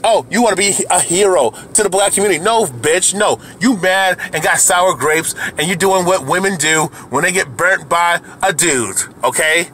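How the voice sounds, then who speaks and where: A man's voice: sits high, moderate pace, few pauses, bright, forceful tone, a little hiss or hum. A man delivering an angry, profane rant to camera as a video commentator, heated and repetitive, often restarting his sentences.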